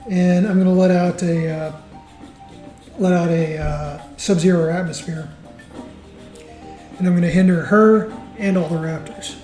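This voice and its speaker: A man with a high, mellow voice plays a tabletop game and thinks out loud. He speaks slowly and hesitantly, with pauses. The room is echoey, with faint music behind. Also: fairly even intonation. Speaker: player. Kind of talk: casual tabletop play. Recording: roomy echo, faint music.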